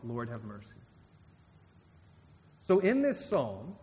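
Conversational male preacher in a reverberant church. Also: a little high. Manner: conversational, with many restarts and asides. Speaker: guest preacher. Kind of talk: sermon.

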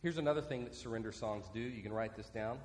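A man preaching a sermon as pastor, earnest and repeating his key points slowly so listeners can write them down. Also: fairly low pitch, a little mellow. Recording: long reverb from a large hall.

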